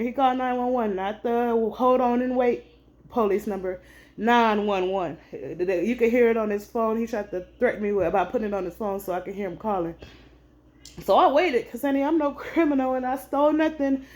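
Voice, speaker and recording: A woman's voice: fairly high pitch, a little fast, a little mellow. A woman, a veteran, animatedly recounting a store incident to camera, indignant and often calling her listeners honey. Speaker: veteran vlogger.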